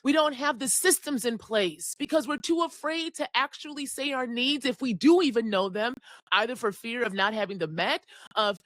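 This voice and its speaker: A woman's voice: fairly high pitch, animated, normal speed, fairly bright tone, dry recording. A woman in her forties gives a passionate astrology forecast, preaching with a lot of swearing. She sounds close to tears at times. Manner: fiery, preachy, profane, near tears. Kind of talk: impassioned forecast monologue.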